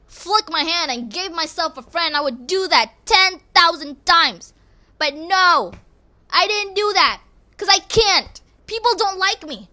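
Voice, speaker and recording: High, bright-voiced woman rambling. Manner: rambling, expressive, self-deprecating. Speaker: podcast host. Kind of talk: casual monologue.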